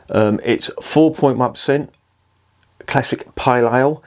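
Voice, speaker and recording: A man's voice: mid-range voice, a little slow. A man hosting a casual beer review vlog, chatty and jokey and swearing freely as he talks. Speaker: beer reviewer, channel host.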